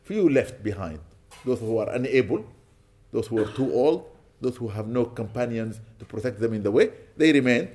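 A man's voice: medium pitch, expressive, normal speed, darkish tone. A man speaking as a sheikh, giving a storytelling sermon in which he quotes Arabic and then translates it. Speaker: sheikh giving an Islamic lecture.

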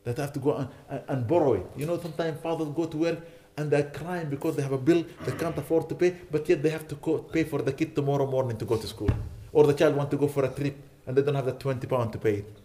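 Man, sermon, earnest and pleading, slightly high voice. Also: fairly even intonation, fast talker, hardly any pauses, mellow, a little hiss or hum. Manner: earnest, pleading, rising to indignant emphasis. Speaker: imam.

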